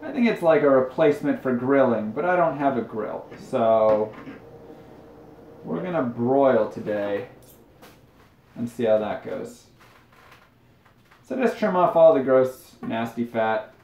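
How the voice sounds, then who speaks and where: A man's voice: medium pitch, expressive, slow, long pauses, darkish tone, a little hiss or hum. Young man rambling in an echoey kitchen. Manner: rambling, self-deprecating storytelling. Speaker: streamer. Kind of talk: casual cooking livestream chat. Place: home kitchen. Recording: roomy, dull lo-fi stream audio.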